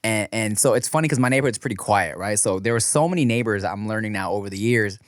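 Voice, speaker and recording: A man's voice: lowish voice, quick pace, no room sound, clean studio sound. A man co-hosting a food podcast in casual chat, telling stories with lots of swearing and acted-out quotes. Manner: animated storytelling, swears a lot, acts out quotes. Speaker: podcast co-host.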